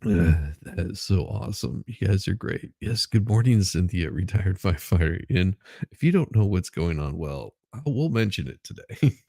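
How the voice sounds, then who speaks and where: A man's voice: deep voice, animated, normal speed, gravelly, mellow, dry recording. A man hosting a casual morning livestream, laughing often and greeting chat viewers by name. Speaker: livestream host.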